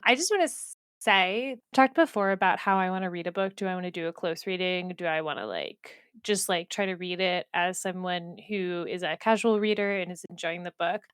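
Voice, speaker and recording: Clear-voiced young woman gushing about a book. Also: on the low side, a little fast, few pauses, fairly bright tone, no room sound, studio quality. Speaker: podcast co-host. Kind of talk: casual book discussion.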